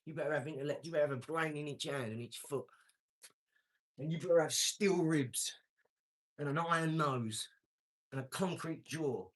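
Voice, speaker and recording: A man's voice: on the high side, normal speed, long pauses. A man, talking brashly and boastfully on his own live stream, answering comments. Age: 40s. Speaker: livestream host.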